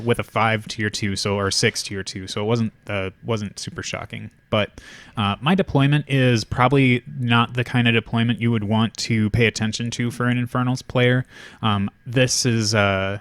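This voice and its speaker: A man's voice: mid-range voice, normal speed, no echo. A man hosting a tabletop wargame battle report, talking casually and rambling with lots of fillers and restarts. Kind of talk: casual chat.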